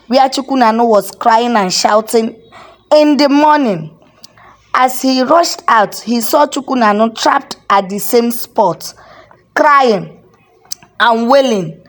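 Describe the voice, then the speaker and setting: Woman, storyteller, slow pace, measured dramatic narration. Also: a little high. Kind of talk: folk tale narration.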